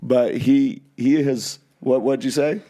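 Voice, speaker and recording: A man's voice: medium pitch, steady tone, takes it slowly, mellow. A man hosting a casual family podcast, rambling and easygoing. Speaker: podcast host. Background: faint music.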